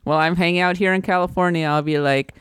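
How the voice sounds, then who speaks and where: A woman's voice: on the low side, steady tone, fast talker, a bit bright, smooth, no room sound, studio quality. A woman with a light Minnesotan accent, co-hosting a casual gaming podcast in a wry, self-deprecating way. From Minnesota, United States. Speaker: podcast co-host.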